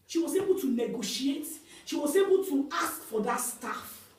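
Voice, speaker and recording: Animated woman pastor preaching. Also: high-pitched, moderate pace. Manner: animated storytelling, rising to shouts. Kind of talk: sermon. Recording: echoey hall, voice from far off.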